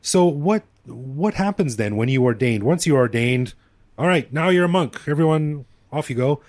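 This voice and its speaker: A man's voice: medium pitch, lively intonation, normal speed, darkish tone, no room sound. A man from Canada hosting a podcast, asking curious questions in a casual chat. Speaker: podcast host.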